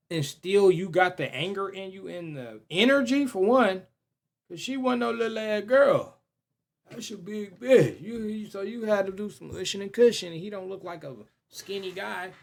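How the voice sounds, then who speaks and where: Brief: young male reaction host, high and gravelly, animated and profane. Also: normal speed. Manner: animated, swearing, mocking, talking back at the screen. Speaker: reaction streamer. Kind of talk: loud profane reaction commentary.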